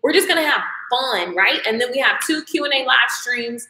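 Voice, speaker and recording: A woman's voice: on the high side, lively intonation, normal speed, pushed and bright, echoey room. A woman, chatting on a livestream and talking straight to her viewers. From American South. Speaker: makeup and mindset coach. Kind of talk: casual livestream chat.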